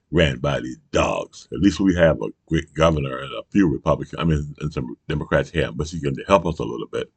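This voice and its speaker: A man with a very deep, gravelly and husky voice, ranting heatedly in a profane political commentary. The sound is dry and close, and he keeps throwing in "you know" as he drives each point home. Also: no room sound. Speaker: channel host. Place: Michigan.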